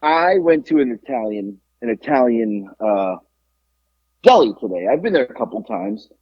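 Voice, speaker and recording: A man co-hosting a podcast, telling an animated story in casual chat and acting out both sides of the conversation. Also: mid-range voice, moderate pace, breathy edge, dry recording, highs cut off. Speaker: podcast co-host.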